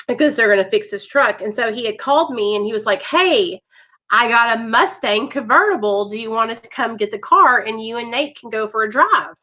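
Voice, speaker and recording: A woman with a high, bright voice hosts a live stream. She talks to her viewers in an earnest, emotional way. Her voice has a clear, tense edge. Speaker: live show host in recovery.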